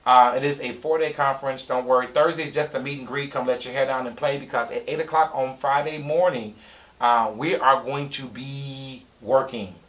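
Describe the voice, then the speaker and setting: A middle-aged man, coaching on a live stream, excitable, repeating key points for emphasis. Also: medium pitch, moderate pace. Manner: breaks into loud shouting impressions. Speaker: real estate coach. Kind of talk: live-stream sales pitch.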